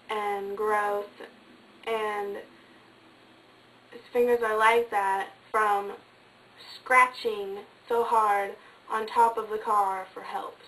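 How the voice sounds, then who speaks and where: A woman casually telling a ghost story in a chatty way with lots of fillers, sometimes dropping to a hush. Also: medium pitch, recorded from a distance, low-quality recording. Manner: chatty, many fillers, drops to hushed tones.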